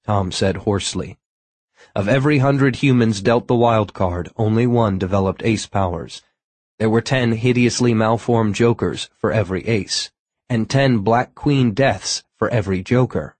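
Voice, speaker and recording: A man narrating a novel in a steady, measured storytelling voice. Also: lowish voice, breathy edge, no echo. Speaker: audiobook narrator. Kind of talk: scripted narration.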